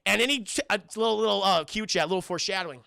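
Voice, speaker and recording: A man with a heavily gravelly, raspy voice pitched fairly high, reviewing a film live for his stream chat. He talks excitably and profanely and jumps into the characters' lines as he retells scenes. His tone is bright and sharp, and the recording is dry and close. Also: very fast, dry recording.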